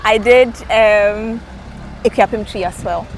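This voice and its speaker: A young woman with a Ghanaian English accent talks in an easy, self-mocking way, joking at her own expense. Her pitch sits mid-range. Faint street noise can be heard in the background. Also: slow. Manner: chatty, laughing, self-mocking. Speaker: interviewee. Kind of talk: casual interview chat.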